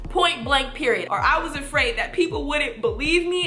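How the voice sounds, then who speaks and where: Earnest young woman, bright echoey voice. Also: high-pitched, lively intonation, normal speed, faint music behind. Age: 20s. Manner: earnest, emphatic, repeats points for stress. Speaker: vlogger. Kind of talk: personal storytime to camera. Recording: echoey room.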